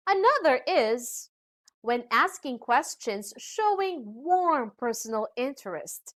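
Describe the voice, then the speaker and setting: A woman teacher with a Filipino accent reads a scripted lesson. She talks slowly and in a sing-song way, swooping widely and exaggerating the rise and fall of her voice. Her voice sits fairly high. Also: sing-song, a bit bright.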